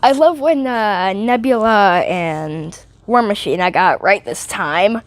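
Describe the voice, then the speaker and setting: Giggly, slow-talking teen girl vlogger. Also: medium pitch, animated, no echo. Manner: giggly, rambling, often drifting off topic. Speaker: vlogger reviewing a movie. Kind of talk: casual rambling review.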